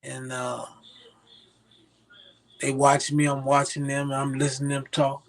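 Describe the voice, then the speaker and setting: An older man is a guest in a casual interview, telling stories and animatedly acting out the voices of the people he quotes. His voice is medium-pitched and creaky, and he speaks unhurriedly.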